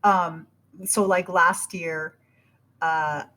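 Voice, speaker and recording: A woman in her forties, a podcast guest, telling her story in a casual, animated way and acting out her own thoughts. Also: lowish voice, very slow. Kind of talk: casual interview chat.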